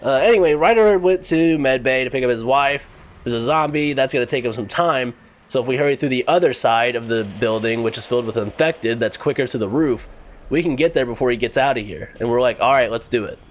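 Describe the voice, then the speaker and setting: A man gives a casual, offhand recap of a game's plot. His delivery is sarcastic and unimpressed, in the manner of a relaxed commentary vlog. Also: medium pitch, fairly quick. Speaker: video game recap host.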